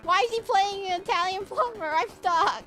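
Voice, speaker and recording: A woman's voice: very high voice, normal speed, pushed and bright, soft background music. A woman streaming a game, chatting casually with her viewers in a giggly, rambling way. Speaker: VTuber streamer. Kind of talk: casual livestream chat while gaming.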